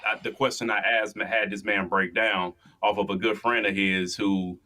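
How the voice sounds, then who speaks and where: A man's voice: on the low side, fairly even intonation, moderate pace, pushed and bright. A man co-hosting a casual sports podcast, talking in an earnest, reflective way. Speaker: podcast co-host.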